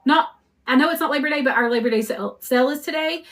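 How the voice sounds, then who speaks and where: The woman behind a custom cup shop works on a crafting live stream, talking to viewers in a chatty, rambling way. Her voice sits high and fairly bright, and she speaks fast.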